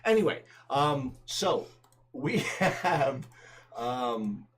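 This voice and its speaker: A man co-hosting a livestream in casual chat, excitable and chatty, with lots of fillers. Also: medium pitch, very slow. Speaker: livestream co-host.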